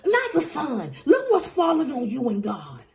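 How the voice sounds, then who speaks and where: A woman's voice: high voice, wildly swooping pitch, a little slow, soft background music. A woman giving an intuitive tarot reading, passionate and exclaiming, slipping into speech and now and then into song. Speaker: tarot reader.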